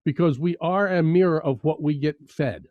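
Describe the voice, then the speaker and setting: A man's voice: a little high, moderate pace, no room sound. A man chatting in a casual interview, an enthusiastic, emphatic storyteller. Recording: dry, slightly dull sound.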